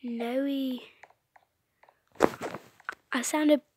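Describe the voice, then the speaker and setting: A woman hosting a game video, chatting excitably and often dropping into a whisper. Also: sits high, extremely slow. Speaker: gaming video host. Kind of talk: let's play commentary. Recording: noisy, with clicking sounds.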